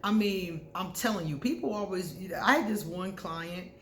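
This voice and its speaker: A woman vlogger giving casual, candid astrology advice to camera, talking freely and breaking into loud laughter. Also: mid-range voice, normal speed, roomy sound, slight background noise.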